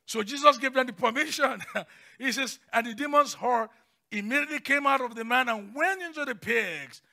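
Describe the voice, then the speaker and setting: A man preaching a sermon as pastor, passionate, swinging between hushed lines and shouts. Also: very high-pitched, normal speed, vocal fry.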